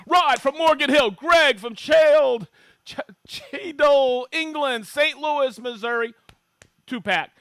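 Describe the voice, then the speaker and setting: A chatty middle-aged man from Maine runs a live tool demo with a fairly high, bright voice. He jokes along and reads out viewers' hometowns with sudden excited bursts. The sound is dry and close, with no room echo. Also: takes it slowly. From Maine, USA. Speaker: livestream host demonstrating tools.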